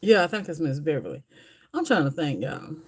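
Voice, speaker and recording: A woman's voice: low-pitched, sing-song, a little fast, a little mellow, breathy edge. A woman hosting a casual livestream, chatting and rambling straight to her viewers. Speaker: livestream host. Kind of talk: casual chat with live viewers.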